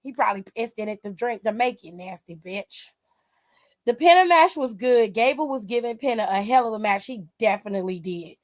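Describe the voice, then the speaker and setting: A woman's voice: fairly high pitch, lively intonation, brisk. A woman hosting a wrestling aftershow, giving casual, emphatic, profane live-stream commentary and reading viewer comments aloud.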